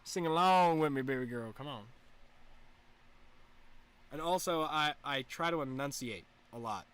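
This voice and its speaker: A young man rambles through a loose, swear-filled livestream chat while getting high. He keeps his voice lifted into a slightly raised, bright head voice, and his tone is sharp and forward. His delivery is laid-back and wandering. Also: a little hiss or hum. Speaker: livestream host. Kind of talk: casual stoner livestream chat.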